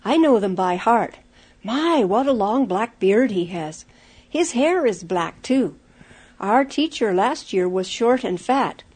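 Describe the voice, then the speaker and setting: A woman narrating a children's storybook aloud in a clear, measured way. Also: fairly high pitch, lively intonation, darkish tone.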